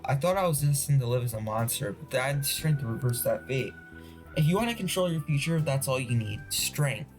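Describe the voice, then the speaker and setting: A man reading the lines of an earnest young woman fortune teller in a game, in his own mid-pitched voice. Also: close to an everyday voice.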